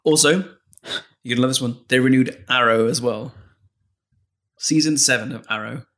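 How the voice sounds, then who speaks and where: A man's voice: mid-range voice, moderate pace. Teasing man chatting on a podcast. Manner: teasing, relaxed, many fillers. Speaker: podcast co-host. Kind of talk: casual chat.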